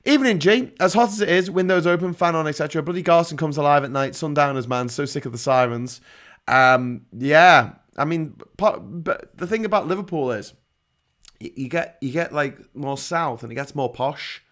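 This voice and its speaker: A man's voice: a little high, moderate pace, a bit bright. A middle-aged man from England hosting a casual livestream, reading out viewer comments and ranting sarcastically with frequent swearing. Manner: sarcastic, swears freely, laughs at own jokes. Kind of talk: casual ranting live chat.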